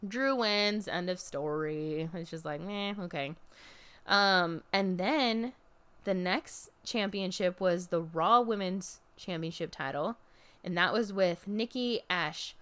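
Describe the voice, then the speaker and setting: Chatting casually about a wrestling event, a young woman speaks at a moderate pace in a smooth voice. She's lively and switches to high, mocking impressions whenever she quotes someone.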